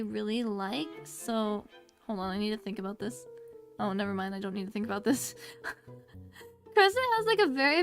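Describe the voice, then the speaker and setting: A young woman chats on stream in a high, bubbly voice, rambling happily to her viewers. She slips into baby-talk squeals at times and mutters quietly as she concentrates on a game. Faint music plays behind her desk microphone. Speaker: VTuber streamer. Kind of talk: casual livestream chat while gaming.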